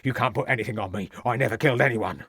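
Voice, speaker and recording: A man's voice: medium pitch, racing, fairly bright tone, no echo, clean studio sound. A man voicing a surly, defiant country farmer. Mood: defiant, aggressive. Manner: rough rural grammar, defiant and blustering. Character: surly, aggressive male country farmer under questioning. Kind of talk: audiobook character voice.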